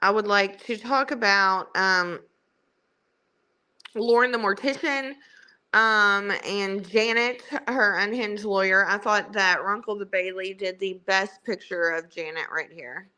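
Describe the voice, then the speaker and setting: A woman's voice: mid-range voice, unhurried, sharp tone, clear, resonant tone. A woman with a Southern US country accent, hosting a livestream in chatty, rambling, self-mocking casual talk. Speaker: livestream host. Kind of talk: casual chat.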